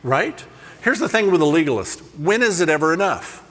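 Male preacher, fairly high, animated comic storyteller, reverberant hall. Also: a little fast. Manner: animated, jokey, self-deprecating. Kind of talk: humorous sermon storytelling.

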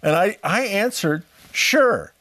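Man, talk host, lively up-and-down voice, laughing, dry close sound. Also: sits high, slow pace, dry recording. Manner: lively, laughing, acts out quotes. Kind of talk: casual chat.

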